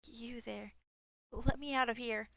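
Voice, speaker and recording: A woman voicing a chained woman who is secretly a demon, pleading in a low, hushed way. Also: fairly even intonation, measured pace, gravelly, no room sound.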